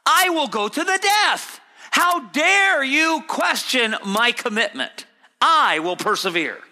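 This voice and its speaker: A man's voice: very high voice, very animated, takes it slowly, bright, forceful tone, pitched above the performer's own voice, heavily acted. A man voicing the apostle Peter as proud and indignant, protesting in exasperation. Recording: hall reverb.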